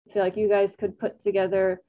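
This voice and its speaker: A woman guest on a video call praises the students warmly, stumbling and repeating her words as she goes. Her voice sits at an ordinary middle pitch. It comes through thin and tinny, like a phone line. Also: flat delivery, fast. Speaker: guest speaker. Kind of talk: casual chat on a video call.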